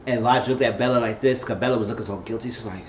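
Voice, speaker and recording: A man giving an animated, chatty recap of a TV episode, with quick asides. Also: mid-range voice. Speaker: TV show reviewer. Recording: echoey, dull-sounding room with faint hiss.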